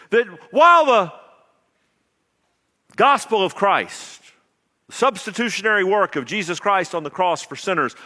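A man preaching a sermon as pastor, swinging between loud emphasis and quiet asides. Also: high voice, in a large hall.

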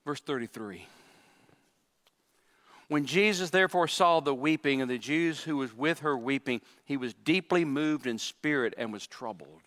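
Male pastor, sermon delivery, emphatic with asides; bright voice, reverberant hall. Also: mid-range voice, moderate pace. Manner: emphatic preaching with repetitions and asides.

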